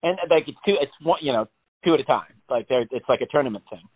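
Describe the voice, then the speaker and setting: A man's voice: mid-range voice, fast talker, breathy edge. A man chatting casually on a podcast, telling stories with lots of swearing and acting out panicked voices. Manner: animated storyteller, swears a lot, acts out panicked voices. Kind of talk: casual chat. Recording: phone-like narrow band.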